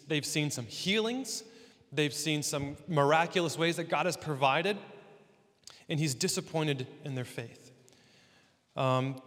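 A man preaching a sermon as pastor, conversational and animated with joking asides. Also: fairly high pitch, long reverb tail.

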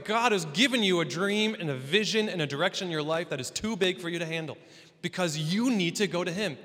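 A man with a somewhat high voice preaches to his congregation in a loose, animated, chatty way, dropping joking asides between points. His words ring out with a long reverb like a big church hall. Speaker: pastor. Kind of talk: sermon.

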